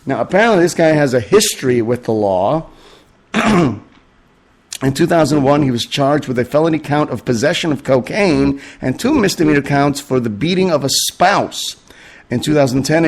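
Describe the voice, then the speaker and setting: A man hosting a podcast, talking in a casual, sarcastic monologue with lots of uh's and um's. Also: on the high side. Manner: sarcastic, rambling, full of fillers. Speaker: podcast host.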